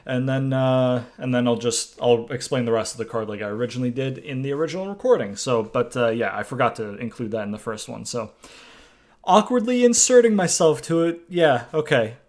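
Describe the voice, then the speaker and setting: A man's voice: medium pitch, brisk, hardly any pauses, darkish tone. Rambling, self-mocking man recapping. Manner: rambling and loose, with casual swearing and self-mocking asides. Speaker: YouTuber running a wrestling game universe. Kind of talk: casual recap of a booked wrestling show.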